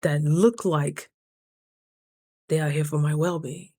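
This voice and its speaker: A woman's voice: deep voice, steady tone, slow, dark tone, no room sound. A woman talking through a casual diary vlog, earnest and reflective, sometimes close to tears. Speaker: vlogger.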